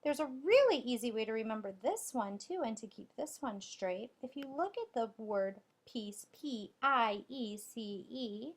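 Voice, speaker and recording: A woman teacher giving a recorded spelling lesson to young children, spelling out letters and clapping out syllables deliberately. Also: on the high side, very animated, darkish tone.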